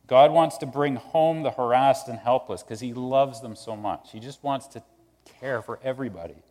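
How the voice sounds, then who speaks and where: A male pastor preaching in a loose, conversational style, his voice carrying a long reverb from a large hall. He keeps things animated and slips into little acted voices for the people he quotes. His pitch sits in an ordinary middle range for a man. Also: normal speed. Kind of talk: sermon.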